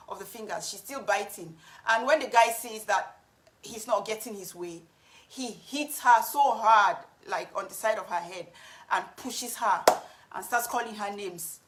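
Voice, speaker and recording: A woman's voice: on the high side, fairly bright tone. A woman telling a personal story to camera, earnest and frank. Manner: earnest, frank, with some restarts. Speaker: vlogger.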